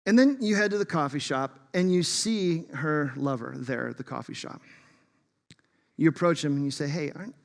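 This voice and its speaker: A man preaching a sermon as pastor, emphatic and shifting between loud bursts and hushed asides. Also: on the high side, normal speed, vocal fry. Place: church sanctuary. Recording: long reverb of a large hall.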